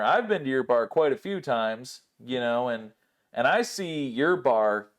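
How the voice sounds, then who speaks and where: A man hosting a casual podcast chat, telling stories with lots of swearing and acting out the people he quotes. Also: medium pitch. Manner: animated, swears freely, acts out quoted people. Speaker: podcast host.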